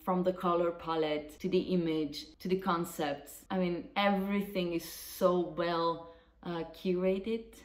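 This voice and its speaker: Slow-talking woman in an echoey room. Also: on the low side, steady tone. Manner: chatty, rambling, swears casually. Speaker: vlogger. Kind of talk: casual vlog chat. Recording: roomy echo.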